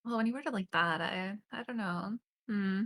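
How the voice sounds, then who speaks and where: A woman's voice: medium pitch, normal speed, a bit bright. A young woman chatting with a friend over a voice call, easygoing and teasing, laughing often. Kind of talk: casual chat on a voice call.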